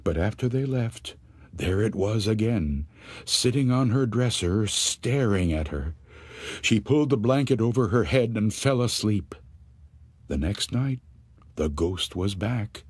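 Slow, husky storytelling man. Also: on the low side, no room sound. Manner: slow, suspenseful, expressive telling. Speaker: audiobook narrator. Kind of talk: scripted storytelling narration.

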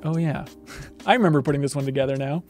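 A man with a high voice hosts a live trivia stream, calling out answers in a bright, game-show manner. Faint music plays behind him. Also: fast. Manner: upbeat, announcer-like reveals of answers. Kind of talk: livestream game show hosting.

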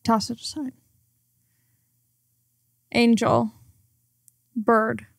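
A woman comedian, a podcast guest, talking in a slow, low-key, dry way. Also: flat delivery, creaky, no echo. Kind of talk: casual podcast chat. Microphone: studio mic.

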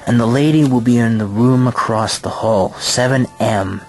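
A man voicing a thin, pale hotel keeper with a formal, businesslike way of talking, over clear background music. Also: medium pitch, normal speed, natural voice. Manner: businesslike, polite and precise.

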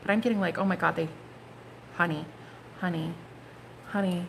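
A woman's voice: on the low side, steady tone, normal speed, gravelly, slight background noise. A woman giving a casual, gushing tarot reading, full of slang and asides. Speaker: tarot card reader.

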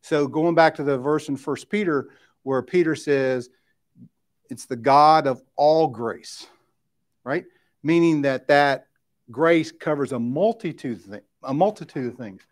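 A middle-aged man from West Tennessee leads a casual Bible class in a church classroom. His voice sits a bit high for a man. He talks informally, keeps checking in with his listeners, and restarts his sentences. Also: a little slow. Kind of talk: conversational Bible study lesson.

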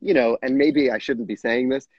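A man's voice: mid-range voice, fairly even intonation, normal speed, dry recording, muffled recording. A middle-aged man, a guest actor, telling stories in a casual interview with frequent laughs and restarts. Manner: chatty storyteller, laughs often, frequent restarts. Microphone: video call.

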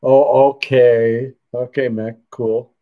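Taking his time, a Canadian host talks to his livestream audience from a computer desk, reading comments and rambling until he trails off mid-sentence. His mid-range voice barely moves in pitch, and the sound is phone quality.

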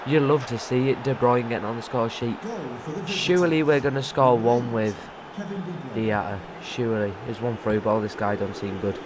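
A young man streams his football game and talks over it without a break. His voice sits in the middle range and jumps to excited yelps at big moments. Clear game noise runs underneath the whole time. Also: mid-range voice, moderate pace. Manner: excitable, loud outbursts between muttered remarks. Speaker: gaming streamer. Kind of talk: live gameplay commentary.

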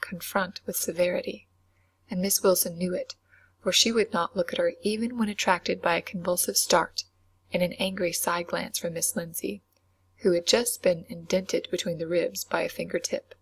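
A woman narrating a classic novel in a whispered role-play reading, soft, slow and soothing. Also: fairly low pitch, fairly even intonation, gravelly, breathy edge.

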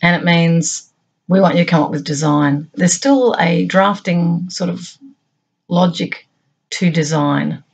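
A middle-aged woman hosting her own channel, musing aloud in a reflective monologue of short, halting phrases. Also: fairly low pitch, slightly rough, highs cut off. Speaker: channel host.

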